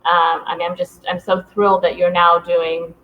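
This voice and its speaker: A woman with a somewhat low voice hosts an interview, enthusiastic and warm, talking through many fillers. The sound is dull and lo-fi. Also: level tone, moderate pace. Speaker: interview host. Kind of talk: conversational interview.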